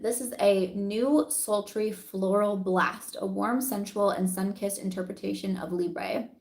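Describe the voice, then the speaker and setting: A woman's voice: medium pitch, a little mellow, echoey room. A woman vlogger reviewing beauty products in casual, chatty talk, giggling often and saying "like" a lot.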